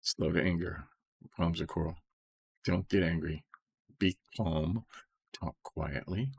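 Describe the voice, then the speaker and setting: A middle-aged man reading scripture and explaining it in an informal, soft-spoken way, often checking in with "okay?" and slowing down on key phrases. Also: sits low, steady tone, creaky, breathy edge. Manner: slows right down to stress key phrases. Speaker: Bible study teacher.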